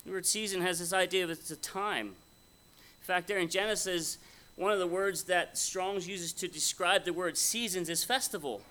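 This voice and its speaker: Casting: male preacher, somewhat high, bright voice, folksy and conversational. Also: moderate pace. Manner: conversational, folksy, asks the audience questions. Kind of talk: sermon. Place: conference hall before an audience.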